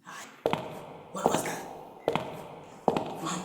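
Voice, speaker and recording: A woman's voice: drawn-out words, heavy background noise. A woman playing a possessive, dramatic boy who is an only child, in a comedy skit with whiny, complaining sighs. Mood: content. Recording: echoey room with loud music.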